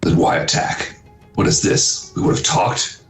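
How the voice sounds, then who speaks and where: A man voicing a stern, measured one-eyed beholder leader in a tabletop game. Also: roomy sound, soft background music, close to an everyday voice.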